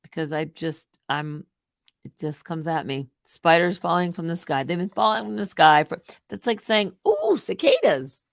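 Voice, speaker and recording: A middle-aged woman hosting a live stream, rambling casually and swinging between loud outbursts and muttered asides. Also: sits low, normal speed, gravelly, dry recording, clean studio sound.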